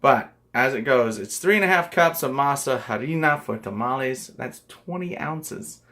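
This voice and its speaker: A man's voice: mid-range voice, lively intonation, a bit bright. A man hosting a home cooking show, reading out a recipe and joking as he goes. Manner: playful, reads out a recipe slowly. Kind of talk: casual cooking demonstration.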